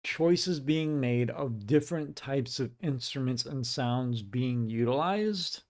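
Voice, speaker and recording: A man giving casual commentary while reacting to music, musing and excitable, with many filler "like"s. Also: mid-range voice, slow. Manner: musing, excitable, says "like" often.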